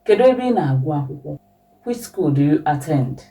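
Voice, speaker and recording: A woman teaching a language lesson, patiently repeating example questions with lively question intonation. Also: low-pitched, fairly quick, recorded from a distance, rough recording.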